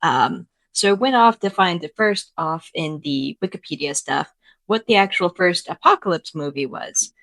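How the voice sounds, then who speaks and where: A woman co-hosting a casual commentary podcast, recapping facts in a relaxed way with many ums. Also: on the low side, normal speed, no echo. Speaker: podcast co-host.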